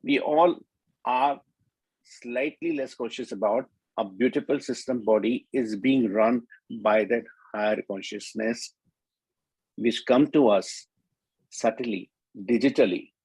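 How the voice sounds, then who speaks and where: A man's voice: medium pitch, slow pace, darkish tone, slightly rough, no room sound, poor audio. An older man with an Indian English accent, giving an emphatic, explanatory talk as a doctor on a conference panel.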